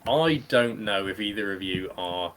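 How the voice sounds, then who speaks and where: A man's voice: on the low side, lively intonation, measured pace, fairly bright tone, low-quality recording. A man in his thirties from the UK, hosting a casual gaming podcast with friends, chatty and rambling, laughing often. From United Kingdom. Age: 30s. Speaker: podcast host. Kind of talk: casual chat among friends.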